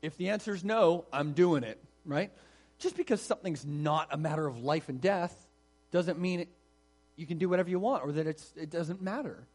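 A man's voice: on the high side, moderate pace, darkish tone. A man preaching a sermon in an explanatory, conversational way, stressing key words. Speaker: pastor.

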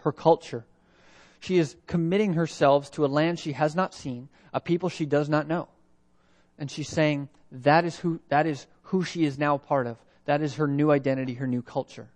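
A man's voice: fairly high pitch, darkish tone. A man preaching a sermon from Canada, reading scripture aloud and asking reflective rhetorical questions. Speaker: pastor.

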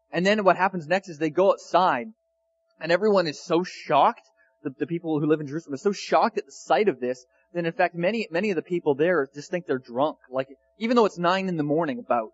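A man preaching in a loose, chatty way and reading scripture aloud between his asides. His voice sits a bit high for a man. The recording sounds dull and lo-fi. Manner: conversational, chatty with fillers. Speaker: pastor. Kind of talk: casual sermon with scripture reading.

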